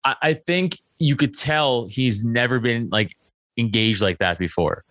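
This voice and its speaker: Brash, animated man telling stories. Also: medium pitch, a little slow, no echo. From Staten Island, New York. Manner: animated, profane, many filler likes. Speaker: comedian, podcast guest. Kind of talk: casual interview storytelling.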